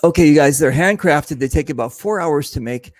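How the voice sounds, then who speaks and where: Guy hosting a chat at an event booth, tells stories animated, voice on the higher side, dry sound. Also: a little fast, dry recording. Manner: animated storyteller, mimics others in his stories. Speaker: host. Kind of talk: casual chat.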